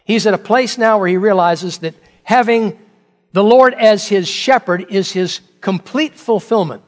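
A middle-aged man preaching a sermon as pastor, talking conversationally with rhetorical questions and joking asides. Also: high-pitched.

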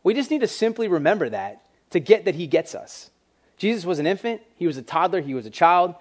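A man preaching a casual sermon to young people, animated and acting out quoted voices. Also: high voice, a little fast.

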